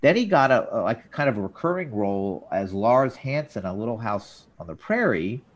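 A man hosting a casual talk show, recapping scenes and jumping into quoted lines with an animated delivery. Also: normal speed. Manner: animated, jumps up in pitch for quoted characters. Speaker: podcast host.

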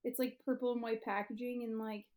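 A woman's voice: on the high side, flat delivery, fairly quick, darkish tone. A young woman co-hosting a podcast in casual chat, rambling with lots of fillers while eating. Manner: chatty, filler-heavy, laughs often. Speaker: podcast co-host.

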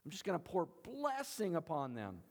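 A man's voice: on the high side, huge pitch swings, normal speed, long reverb tail. A man preaching a sermon as pastor, in an earnest, emphatic way with repeated phrases.

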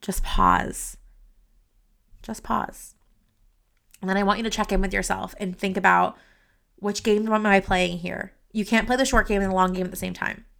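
A woman's voice: mid-range voice, a little fast, creaky. Earnest rambling woman podcast host. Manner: earnest, rambling, heartfelt, addresses listeners directly; animated, gestures while talking. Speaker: podcast host and career coach. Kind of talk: unscripted solo podcast talk. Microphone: desk podcast microphone.

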